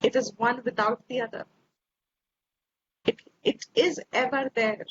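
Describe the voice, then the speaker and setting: Lady teaching vedanta on a video call, high voice, slow and repeats herself, dull audio w faint hiss. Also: fairly even intonation. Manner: slow, reflective, repeats phrases. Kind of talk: spiritual lecture over video call.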